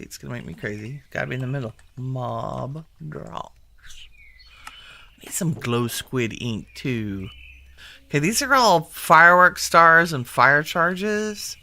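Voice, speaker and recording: Man, casual gameplay commentary, gravelly, bright tone, talks things through to himself. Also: medium pitch, slight background noise. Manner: chatty, thinks aloud to himself while sorting. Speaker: gaming video host.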